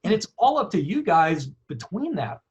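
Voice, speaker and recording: A man's voice: high-pitched, sing-song, normal speed, a crowd in the background. A male film director talking in a casual interview, rambling with many fillers. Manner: rambling, many likes and you knows. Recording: dull lo-fi sound.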